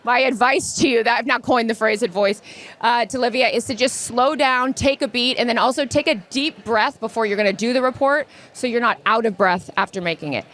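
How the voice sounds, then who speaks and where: A woman in her forties, co-hosting a live podcast and answering listener questions in a quick, chatty way. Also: a little high, a bit bright. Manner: fast-talking, chatty. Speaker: podcast co-host. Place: live stage event.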